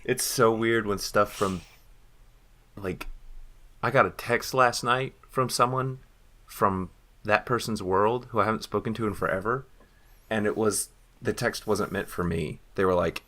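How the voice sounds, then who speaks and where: A man's voice: on the low side, fairly even intonation, normal speed, a bit bright. A young adult man co-hosting a podcast, telling stories in casual chat and acting out the lines he quotes. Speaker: podcast co-host.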